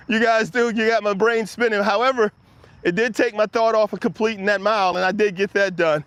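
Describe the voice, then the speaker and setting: A man's voice: high voice, moderate pace, a bit bright. A man hosting a casual livestream, chatting loosely with his viewers and laughing often as he rambles. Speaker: livestream host reading chat.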